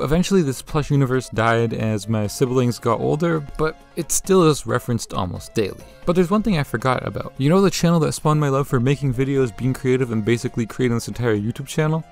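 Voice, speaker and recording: A young man, a YouTuber, narrating his own vlog in a jokey, lively way with swearing and laughs. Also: mid-range voice, a little fast, creaky, hardly any pauses, faint music behind.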